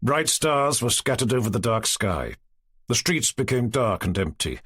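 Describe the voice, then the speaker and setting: Husky, expressive male audiobook narrator. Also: mid-range voice, normal speed. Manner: expressive, storytelling. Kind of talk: scripted narration.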